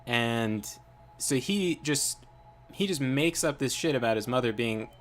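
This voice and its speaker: A man's voice: mid-range voice, unhurried, faint music behind. A young man streaming a game, telling a rambling story in casual chat with lots of fillers. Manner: rambling, animated, lots of fillers and quoted voices. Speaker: gaming streamer. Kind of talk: casual storytelling while playing.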